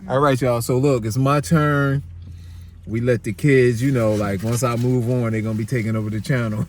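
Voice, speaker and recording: A middle-aged man from New Jersey hosting a casual vlog on a handheld phone, lively and chatty, calling his viewers y'all. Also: medium pitch, moderate pace, a little hiss or hum. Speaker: vlogger host. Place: restaurant and parked car. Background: music playing.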